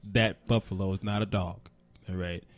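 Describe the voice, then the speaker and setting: Male preacher-host, lively storyteller, dry studio sound. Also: sits low, normal speed, dry recording. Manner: animated storyteller, laughs often. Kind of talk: casual talk show storytelling.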